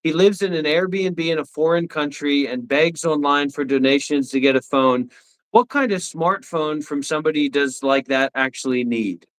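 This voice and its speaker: Livestream co-host, a man, slightly high-pitched, bossy and preachy in tone. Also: normal speed, fairly bright tone, poor audio. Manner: pushy, lecturing, mocking. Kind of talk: casual livestream banter.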